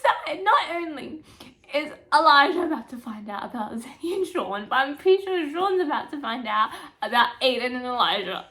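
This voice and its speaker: A young woman chatting casually in a book vlog, animated and emotional, swearing freely as she gushes about characters. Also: sits high, normal speed. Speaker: book vlogger. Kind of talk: casual chat.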